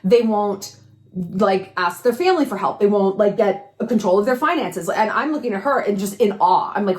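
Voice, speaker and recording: A woman with a medium-pitched voice speaks at a moderate pace to camera in an echoey room. She gives frank advice in a casual monologue, swearing freely and firing off rhetorical questions.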